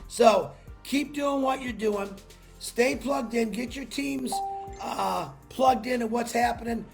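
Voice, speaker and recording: A man hosting a solo livestream, giving an excited, salesy pep talk with shouted bursts and greeting viewers from the chat by name, speaking into a laptop mic. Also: very high voice, slow, creaky, soft background music. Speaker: livestream host.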